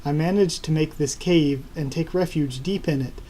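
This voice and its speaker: Man reading stone golem robot, formal, clipped, mellow tone, slightly high. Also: moderate pace, close to an everyday voice, rough recording. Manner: formal, clipped machine speech.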